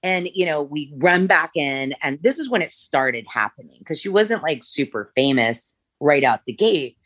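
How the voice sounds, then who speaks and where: Woman guest, low voice, rambling storyteller, dry close recording. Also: lively intonation, moderate pace, a bit bright, no room sound. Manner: rambling, many fillers and restarts. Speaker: former makeup artist, guest. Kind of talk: storytelling interview.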